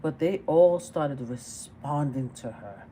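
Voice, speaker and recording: A woman's voice: deep voice, animated, takes it slowly, mellow, a little hiss or hum. A middle-aged woman hosting a casual reaction livestream, chatting and firing off exasperated, repeated rhetorical questions. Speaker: livestream commentator.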